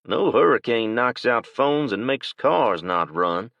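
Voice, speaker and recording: Brief: narrator playing a worried man in his fifties, slow and deliberate; dry, dull audio. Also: mid-range voice, sing-song, gravelly, a bit bright, dry recording, pitched above the performer's own voice, full character voice. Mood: uneasy. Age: 50s.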